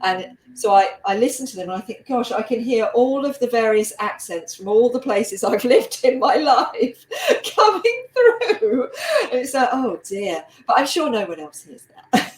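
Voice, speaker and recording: A woman with a light South London twang hosting a casual video-call interview, chatty and quick to laugh. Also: a little high, echoey room, rough recording. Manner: chatty, laughs easily, animated asides. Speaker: host and curator.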